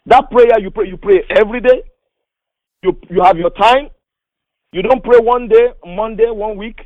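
A man's voice: high-pitched, no room sound. A man preaching a sermon with an emphatic, repetitive cadence, building lists of words into rising exhortations. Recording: dry, dull lo-fi recording.

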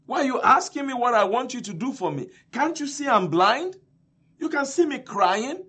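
A man voicing a desperate blind beggar, pleading with high, insistent questions. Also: very animated, moderate pace, pushed and bright, husky, exaggerated voice.

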